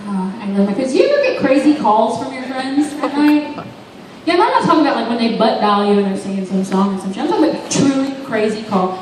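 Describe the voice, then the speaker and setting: Young female stand-up, high voice, chatty and self-deprecating, recorded from far off in a boomy room. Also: sing-song, fast talker, darkish tone. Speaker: stand-up comedian. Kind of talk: stand-up comedy set. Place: bar open mic stage. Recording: echoey room, distant mic, background noise.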